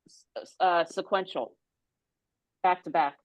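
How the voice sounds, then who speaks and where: A woman's voice: lowish voice, unhurried, no echo, muffled recording. A woman on a committee discussing budget items, conversational and thinking aloud. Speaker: committee member. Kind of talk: meeting discussion.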